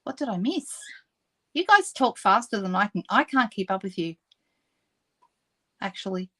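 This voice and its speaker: A woman's voice: medium pitch, big pitch swings, moderate pace, sharp tone. An Australian woman hosting a live papercraft demonstration, chatting casually with viewers, answering their comments and laughing often. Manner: laughs often and apologizes playfully.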